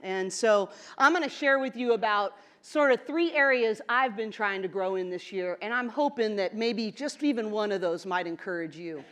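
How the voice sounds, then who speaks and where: A middle-aged woman basketball coach gives a motivational talk in a conference hall, earnest and conversational, full of fillers and asides. Her mid-range voice is a bit bright, at normal speed with hardly any pauses.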